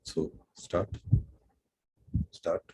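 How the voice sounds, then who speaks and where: A middle-aged man from Pondicherry with an Indian accent, teaching French through an unhurried, self-deprecating storytelling lecture. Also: a little mellow, poor audio. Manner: unhurried, self-deprecating, acts out quoted dialogue.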